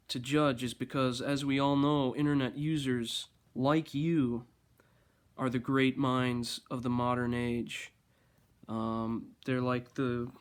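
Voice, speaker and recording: A man of ordinary middle pitch delivers a loose, rambling monologue. His tone is drily sarcastic and mock-grandly formal, and he frequently stops and restarts his sentences.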